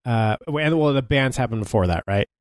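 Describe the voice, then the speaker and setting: A man's voice: medium pitch, animated, fairly quick, dry recording. A man co-hosting a casual gaming podcast, wry and long-winded, with lots of fillers as he explains things. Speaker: podcast co-host.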